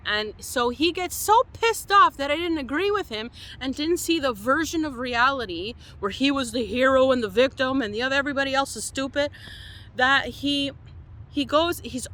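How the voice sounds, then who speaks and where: A young woman from Quebec telling a story to camera as a van-life vlogger, animated and exasperated. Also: high voice, normal speed. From Quebec, Canada.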